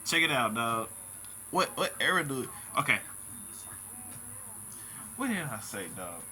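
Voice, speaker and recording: A man's voice: medium pitch, very animated, measured pace, sharp tone. A man hosting a casual vlog, talking in loose slang and calling his viewers bro and dog. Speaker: channel host.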